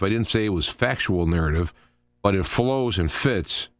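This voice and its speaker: A man's voice: low-pitched, lively intonation, moderate pace, no echo, clean studio sound. A man hosting a show, giving rambling, opinionated political commentary as he thinks aloud. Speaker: show host.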